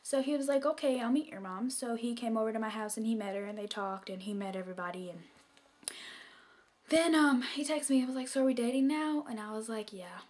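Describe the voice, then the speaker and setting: A young woman telling a personal story to her camera, chatty and full of filler words, dropping into soft whispers when she quotes people. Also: on the high side, fairly quick. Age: young adult. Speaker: vlogger. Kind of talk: casual storytime vlog.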